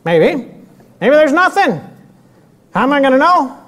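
Animated male preacher acting out scenes. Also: very high voice, unhurried, background noise. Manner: animated, acts out dialogue with raised voice; frequent throat clearing. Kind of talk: sermon.

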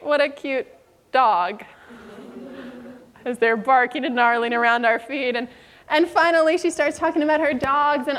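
A woman with a high voice preaches a sermon and tells a story, acting out the people in it. Her voice rings with a long reverb in a big hall. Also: fairly bright tone. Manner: storytelling, acts out quoted voices.

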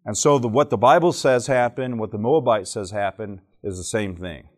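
A man with a lower-leaning voice speaks at a moderate pace during a church teaching talk given to a live audience. Hailing from Alabama in the southern United States, he's a joking storyteller who keeps putting questions to his listeners.

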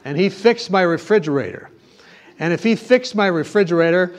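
A man's voice: sits high, animated, moderate pace, a little hiss or hum. A man preaching a sermon, telling a personal story and then urging his listeners with emphatic exhortation. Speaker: pastor.

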